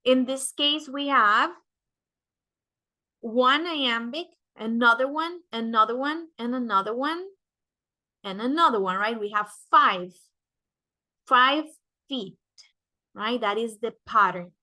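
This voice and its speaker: Bright-voiced woman teaching slowly. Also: fairly high pitch. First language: Spanish. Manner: explains step by step, adds "right?" to check understanding. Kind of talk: classroom lecture.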